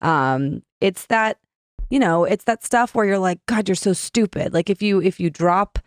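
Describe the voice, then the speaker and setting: A woman's voice: on the low side, animated, a little slow, smooth, no echo, clean studio sound. A woman in her thirties co-hosting a podcast, chatty and self-mocking, acting out her inner voice in quotes. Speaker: podcast co-host. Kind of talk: casual chat.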